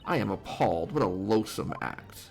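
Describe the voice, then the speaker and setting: A man's voice: on the low side, lively intonation, moderate pace, gravelly, soft background music, voice pushed down. A man reading a haughty, scornful English lady villain. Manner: disdainful, condescending reading.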